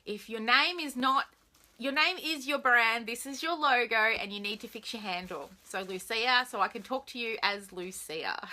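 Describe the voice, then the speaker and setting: A woman's voice: fairly high pitch, moderate pace, bright, forceful tone. Bubbly Australian woman live-streaming. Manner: bubbly, chatty, greets viewers by name. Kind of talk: casual live-stream chat to viewers.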